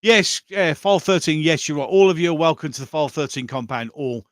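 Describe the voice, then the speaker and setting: A middle-aged Birmingham man hosts a casual livestream, reading out chat with a blunt, bawdy humour and frequent laughter. His voice sits a little higher than most men's. The sound is dry and close, with no room around it. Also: a little fast, dry recording. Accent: Birmingham (Brummie). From England.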